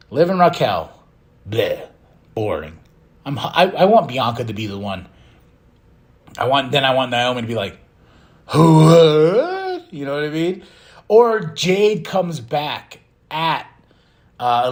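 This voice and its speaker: A man hosting a podcast, giving an opinionated, casual recap and acting out quotes as he goes. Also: medium pitch. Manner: animated, opinionated, acts out quotes. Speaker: podcast host.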